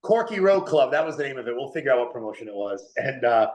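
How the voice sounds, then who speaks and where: A man's voice: mid-range voice, very animated, quick pace, a little mellow. A man, talking casually as a podcast guest, rambling with lots of "like" and "dude". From New England. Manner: rambling, heavy use of "like" and "dude". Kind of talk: casual interview chat. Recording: echoey room.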